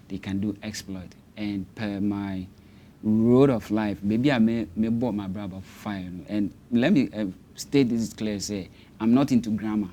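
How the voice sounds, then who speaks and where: Halting Ghanaian man, low and mellow. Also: a little hiss or hum. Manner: halting, searching for words. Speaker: guest, dyslexia educator. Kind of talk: interview answers.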